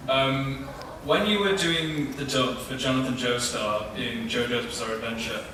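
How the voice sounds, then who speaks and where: A man's voice: medium pitch, fairly even intonation, a little slow. Man, audience question, hesitant, distant, echoey, noisy hall. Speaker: audience member asking a question.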